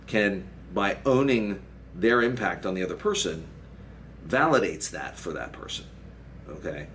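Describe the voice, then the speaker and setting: A man, a marriage and family therapist, explaining an idea in a relaxed conversational way and checking in often with "okay?" and "right?". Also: fairly low pitch. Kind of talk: solo explainer talk to camera. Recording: faint background noise.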